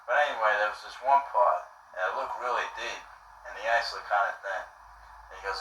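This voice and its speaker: A man's voice: on the low side, fast, pushed and bright. A man telling a story in a casual, rambling way, repeating himself and acting out what people said. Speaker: interviewee. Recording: echoey room, distant mic, faint hiss.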